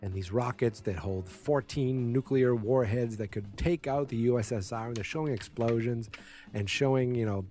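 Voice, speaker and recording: With a mellow, medium-pitched voice and a moderate pace, a man loosely retells what happened in a TV episode. Fillers and restarts pepper his rambling, and he voices characters' lines briefly with slight vocal shifts.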